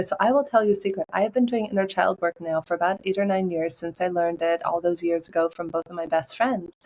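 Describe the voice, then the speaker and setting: A woman coach appears as a podcast guest and tells stories in a lively, upbeat way. Her voice sits at an average pitch, and the talk is a relaxed interview conversation. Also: low-quality recording. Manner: animated, upbeat storytelling.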